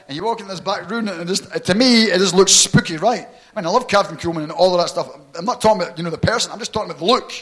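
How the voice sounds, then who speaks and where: Guy preaching his testimony, middle-aged, bright voice, lots of "right?". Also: a little high, breathy edge. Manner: storytelling, asks the audience "right?" often. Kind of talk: sermon testimony.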